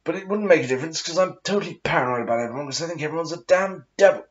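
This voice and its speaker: A man rambling to camera in an exaggerated posh, aristocratic voice, his pitch swinging up and down lively as he goes. He swears freely and wanders from thought to thought. The recording sounds dull and lo-fi. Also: very fast. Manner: affected posh aristocratic put-on voice; swears often, meandering. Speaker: vlogger. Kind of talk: rambling casual monologue.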